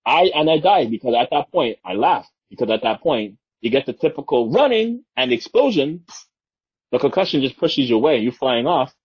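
A man's voice: mid-range voice, very animated, a little fast, husky, lo-fi sound. A man co-hosting a podcast, retelling movie scenes in casual chat and acting out the lines. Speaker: podcast co-host.

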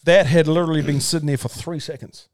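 A man's voice: on the high side, fairly even intonation, fast talker, darkish tone, no echo, clean studio sound. Casual swearing man telling a story. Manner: loose, swearing, says "bro", talks in restarts. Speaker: podcast guest, artist.

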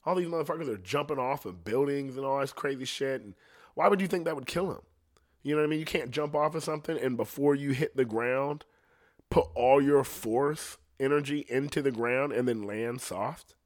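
A young man rambles through a casual rant at an ordinary middle pitch. He swears constantly and restarts his sentences as he goes. His voice swings from excited bursts to low, mumbled asides. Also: moderate pace. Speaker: singer ranting to camera.

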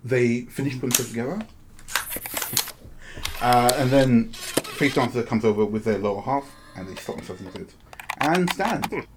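A man's voice: medium pitch, normal speed, long pauses, background noise. A man narrating a tabletop game as game master, describing scenes at length with many restarts. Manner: descriptive, full of fillers and restarts.

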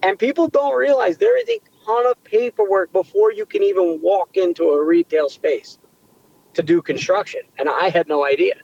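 Young guy chatting about his pizza place, kinda high voice, sounds a bit dull and lo-fi. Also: moderate pace, gravelly, no echo. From United States. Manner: animated, rambling with restarts. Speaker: pizzeria owner, guest. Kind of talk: casual storytelling interview.

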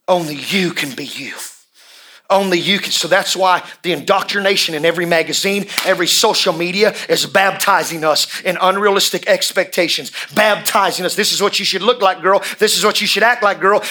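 Bright-voiced impassioned preacher man. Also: high voice. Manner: impassioned, swings from hushed to shouting; drawn-out emphatic repetitions. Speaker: pastor. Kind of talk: sermon.

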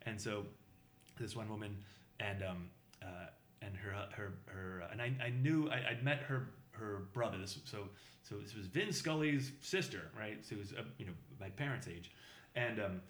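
A middle-aged man from the Boston area telling a long anecdote in casual conversation, halting with many fillers and restarts and mimicking other people's voices in much higher tones. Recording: roomy echo.

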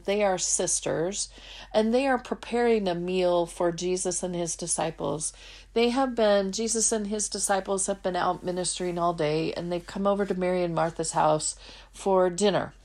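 A woman's voice: on the low side, a little mellow. A middle-aged woman hosting a faith-based podcast, telling personal stories casually and acting out the people she quotes. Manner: storytelling, acts out quoted voices. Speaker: podcast host.

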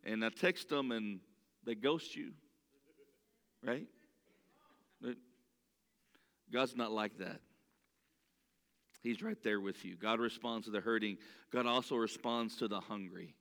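Bright, clear-voiced man preaching in a hall. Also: lowish voice. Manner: earnest, storytelling, asks the crowd directly. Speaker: pastor. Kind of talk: conversational sermon. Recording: long reverb of a large hall.

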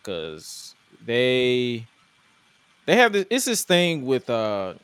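A man's voice: medium pitch, huge pitch swings, extremely slow, fairly bright tone, smooth, dry recording. A man co-hosting a podcast, chatting casually and jokingly about wrestling with loose restarts. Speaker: podcast co-host.

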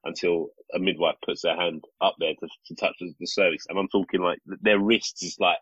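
A man, a father and podcast co-host, telling a story in a casual, animated and rambling way with many restarts. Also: deep voice, a little fast, breathy edge, no echo. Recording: slightly dull lo-fi recording.

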